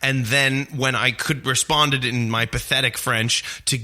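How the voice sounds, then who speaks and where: A man from Canada in his thirties tells travel stories on a podcast with a very bright, forward voice. He laughs often as he talks, in a loose, casual way. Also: mid-range voice, steady tone, unhurried. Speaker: guest cinematographer.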